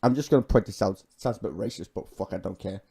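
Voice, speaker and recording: A man's voice: fairly low pitch, fast, gravelly, warm tone, husky. A British man giving profane, scornful reaction commentary on his own channel. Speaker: YouTube commentator.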